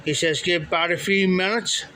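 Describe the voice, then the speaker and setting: A man's voice: high-pitched, fairly even intonation, moderate pace, sharp tone, slight background noise, rough recording. A man casually telling a long story, rambling and repeating "he says" and "I said" as he quotes people. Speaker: livestream storyteller. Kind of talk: casual spoken anecdote.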